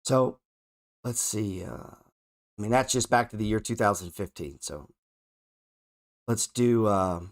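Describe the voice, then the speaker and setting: A man's voice: on the low side, unhurried, long pauses. A man hosting a casual trading show, thinking aloud over charts with heavy sarcasm and constant swearing. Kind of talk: casual market commentary while scrolling charts.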